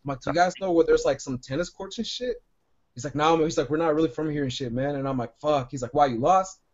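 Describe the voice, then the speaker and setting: A man spins a long, meandering story for his podcast co-hosts, cursing freely and tossing in "like" and "right?" at every turn. His voice sits a bit high for a man. The recording sounds dull and lo-fi. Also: fast talker, darkish tone. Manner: rambling, profane, lots of "like" and "right?". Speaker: podcast co-host. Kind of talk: casual storytelling.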